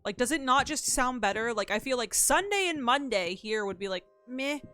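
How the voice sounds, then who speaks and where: A woman's voice: on the high side, lively intonation, moderate pace, a bit bright, soft background music. A young woman streaming a mystery game, chatting casually, thinking aloud and thanking her chat.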